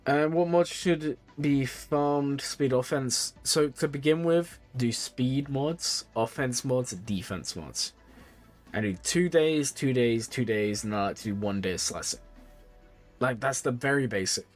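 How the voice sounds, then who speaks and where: A man streams live, offering loose, wandering game advice to his viewers while reviewing game accounts, and he sounds a bit tired, yawning now and then. His delivery is a little slow but chatty, with a lively pitch and repeated phrases, over soft background music.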